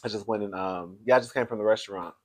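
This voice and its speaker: A man's voice: on the low side, fast talker. Campy chatty man, laughs a lot. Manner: chatty and campy, calls viewers girl and baby, laughs often. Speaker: vlogger. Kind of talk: casual chat to camera. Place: hotel room.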